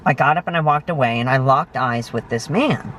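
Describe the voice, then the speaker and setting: A man's voice: mid-range voice, a little fast, a bit bright, slight background noise. Enthusiastic male vlogger telling stories. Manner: enthusiastic, effusive, heavy on praise words. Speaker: vlog host. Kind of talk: casual storytelling to camera.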